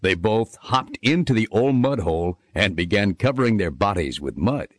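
A man narrating a children's storybook in an expressive, sing-song reading manner. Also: fairly low pitch, normal speed, no room sound.

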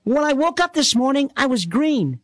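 A man doing a high, pleading young ewe from a storybook. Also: big pitch swings, moderate pace, a bit bright, dry recording, heavily acted. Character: young female sheep, worried and pleading. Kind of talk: storybook character voice.

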